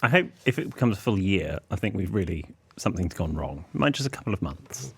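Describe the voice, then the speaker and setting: A man co-hosting a podcast with a teasing, playful edge. His pitch swings widely as he talks. His asides are wry, and the conversation stays loose and casual. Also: very animated, fast, fairly bright tone, slightly rough. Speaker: podcast co-host.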